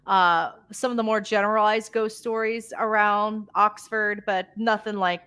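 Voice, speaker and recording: A woman's voice: mid-range voice, steady tone, measured pace, bright, forceful tone, clean tone. A woman from the United States, a paranormal investigator chatting casually as an interview guest, full of fillers and easy laughs.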